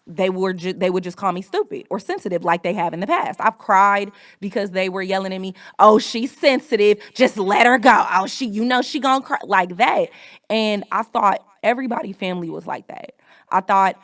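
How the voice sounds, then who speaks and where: A woman's voice: medium pitch, a bit bright, no echo. A woman in her thirties hosting a podcast, telling a personal story in a candid, reflective way with frequent swearing. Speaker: podcast host.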